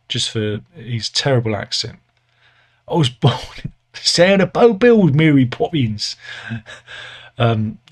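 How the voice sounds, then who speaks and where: A British man delivers a casual, sardonic satirical news monologue in a mid-range voice. He rambles, often corrects himself, and fills the talk with pauses and fillers.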